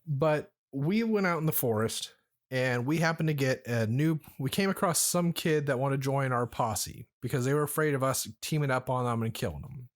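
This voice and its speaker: A man's voice: medium pitch, normal speed. A man hosting a podcast, telling a story in a rambling, profane, laid-back way while drinking. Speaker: podcast host. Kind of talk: casual storytelling chat.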